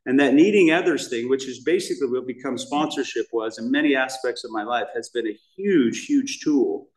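A man's voice: medium pitch, fairly quick, a little mellow. An American man giving a candid, rambling personal testimony as the main speaker at a recovery meeting in a church hall. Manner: candid, rambling, emotional storytelling with restarts. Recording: roomy hall sound, mic at a distance.

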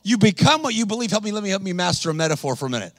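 Man, preacher, high voice, animated, exhorting, dry close sound. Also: rapid-fire, no echo. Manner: animated, exhorting, calls to the crowd. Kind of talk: energetic sermon.

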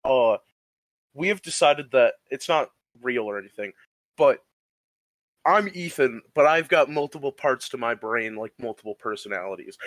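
A young man from Michigan co-hosts a casual podcast and tells crude, joking stories. His voice sits at a middling pitch. The sound is dry and close, with no room echo. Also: fairly bright tone. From Michigan, Midwest US. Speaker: podcast co-host. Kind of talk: casual chat.

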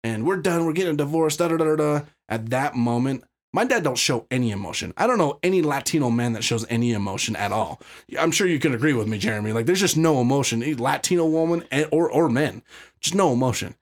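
A man's voice: mid-range voice, expressive, quick pace. A man from Utah, a podcast guest, telling his story in casual, blunt talk full of profanity and restarts.

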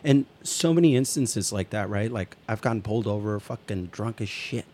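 Podcast co-host, male, lowish voice, loose and profane, rambling storyteller. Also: animated, moderate pace, a little mellow, a little hiss or hum. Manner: swears freely, rambling anecdotes, acts out quotes. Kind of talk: casual storytelling chat.

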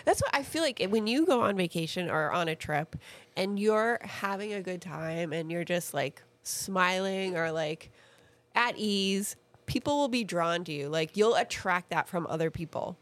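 A woman's voice: on the low side, lively intonation, normal speed, a bit bright. A woman co-hosting a casual podcast chat, mostly giving short encouraging reactions and asking questions. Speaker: podcast co-host.

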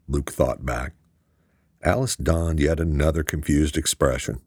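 A man narrating an audiobook in a steady storytelling manner. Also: a bass voice, unhurried, husky, dry recording, studio quality. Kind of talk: scripted narration.

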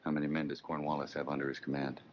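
A cold, commanding officer, very deep voice, quick clipped lines, dull lo-fi clip. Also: male voice, little pitch movement, music in the background. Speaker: military officer in a war film.

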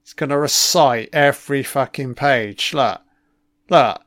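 A man's voice: mid-range voice, unhurried, fairly bright tone, dry recording, studio quality. A man giving a casual first-watch film commentary, reacting with profane, sarcastic remarks.

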